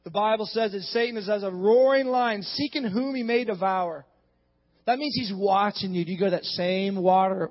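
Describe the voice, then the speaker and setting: Very high-voiced man preaching in echoing hall. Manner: casual, animated storytelling with rising exhortation. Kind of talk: sermon. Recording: dull sound with long hall reverb.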